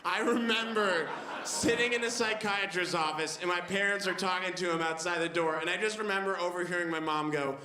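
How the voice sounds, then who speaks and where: A man in his twenties performing a stand-up comedy set on a club stage, telling stories with wry, animated delivery. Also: high voice, a little fast. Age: 20s. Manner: wry, animated storytelling with acted-out voices. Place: comedy club stage before a live audience. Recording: echoey club with background noise.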